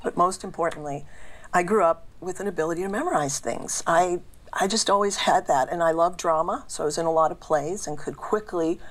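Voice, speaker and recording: Low-pitched older woman, from the Boston area, earnest, reflective interview guest. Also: brisk. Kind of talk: faith testimony in casual interview.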